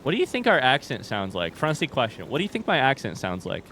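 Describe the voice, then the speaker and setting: A man's voice: mid-range voice, fast, a little hiss or hum. Wry swearing man streaming a game. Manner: animated, wry, swears and jokes. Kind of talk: casual let's-play commentary.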